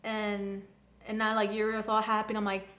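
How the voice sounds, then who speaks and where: A young woman reviewing an anime episode in casual chat, gushing and excitable, full of "like" and restarts. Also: mid-range voice, fairly quick. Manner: gushing, filler-heavy, excitable.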